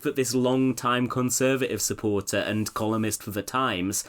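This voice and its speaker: A man's voice: mid-range voice, fairly even intonation, normal speed, hardly any pauses, fairly bright tone. A British man co-hosting a political podcast, talking in a sardonic, profane way and laughing often. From Britain. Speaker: podcast co-host. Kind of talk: casual political podcast chat.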